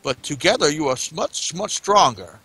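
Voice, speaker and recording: A man's voice: fairly high pitch, big pitch swings, normal speed, bright, forceful tone, husky, soft background music. A man playing a tabletop game, making a long earnest in-character speech. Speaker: player. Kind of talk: in-character tabletop role-play.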